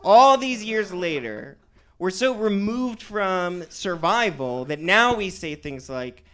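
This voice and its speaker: A man's voice: high voice, animated, slow, sharp tone, clear, resonant tone. A man performing a sardonic stand-up comedy set. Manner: sardonic, self-described cynic.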